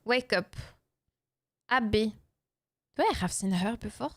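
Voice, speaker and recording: Excitable woman streamer. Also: medium pitch, unhurried, faint music behind. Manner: excitable, reads game lines aloud, thanks chat. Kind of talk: game reaction stream, reading subtitles aloud.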